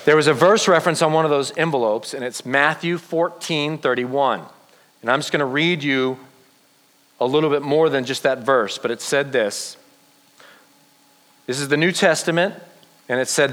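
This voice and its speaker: A man preaching a sermon to young people, telling a Bible story with lively acted-out quotes. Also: on the high side, normal speed, long reverb tail. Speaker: youth pastor.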